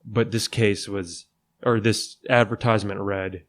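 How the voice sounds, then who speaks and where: A man with a fairly low voice hosts a podcast on his own. He talks in a relaxed, joking way and throws in plenty of "dude." His delivery sounds like loose, unscripted chat. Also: unhurried. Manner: laid-back and jokey, says "dude" a lot. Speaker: podcast host. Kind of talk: casual solo legal podcast chat.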